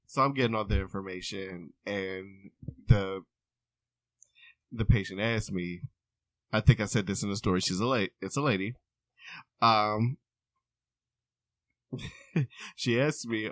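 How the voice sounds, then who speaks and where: A man's voice: lowish voice, unhurried, long pauses, no room sound. A man co-hosting a podcast, telling a work story in casual chat and laughing through it. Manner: animated, laughs through his stories. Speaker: podcast co-host.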